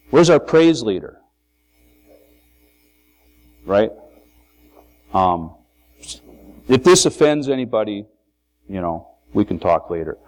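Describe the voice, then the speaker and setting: A man's voice: medium pitch, a little mellow. Conversational male preacher. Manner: conversational, frequent "you know" and restarts, rhetorical questions. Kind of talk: informal sermon to a congregation. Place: meeting hall with a congregation.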